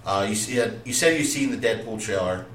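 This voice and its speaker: A man's voice: fairly low pitch, animated, a little fast, a bit bright. Male podcast host, loose and rambling, recorded far off the mic in a roomy space. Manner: rambling, many filler sounds and restarts. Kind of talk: casual chat. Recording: echoey room, distant mic, faint noise.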